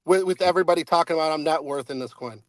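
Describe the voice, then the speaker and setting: A man's voice: a little high, racing, no echo. A man on a crypto panel arguing his point, with stammering restarts in a heated debate.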